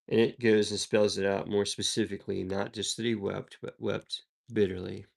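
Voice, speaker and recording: A man's voice: lowish voice, level tone, moderate pace, vocal fry. A man from the American South reading Bible passages aloud and explaining them in an easygoing, conversational teaching style. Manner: reads verses then explains them, conversational asides. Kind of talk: devotional Bible reading and commentary.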